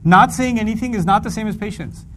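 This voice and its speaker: A middle-aged man giving a humorous religious lecture, animated and repeating lines for emphasis. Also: high voice, quick pace, a little hiss or hum. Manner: animated, acts out quoted voices, repeats for emphasis. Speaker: Quran teacher.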